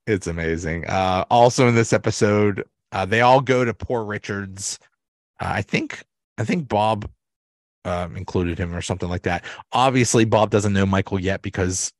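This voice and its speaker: Male podcast host, low voice, dry close-mic sound, chatty, rambling recap delivery. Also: dry recording. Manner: rambling, many restarts and fillers, laughs often. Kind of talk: casual solo podcast recap.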